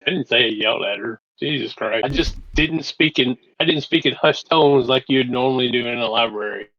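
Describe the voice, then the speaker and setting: A man playing in a tabletop game, speaking hesitantly, with many halting restarts. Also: medium pitch, fairly bright tone, no echo. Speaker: player. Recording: dull, dry lo-fi audio.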